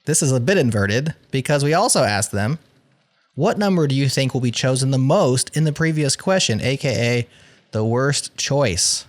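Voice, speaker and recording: A man's voice: mid-range voice, expressive, normal speed. A man hosting a podcast game show, reading out survey results in a playful, wry way.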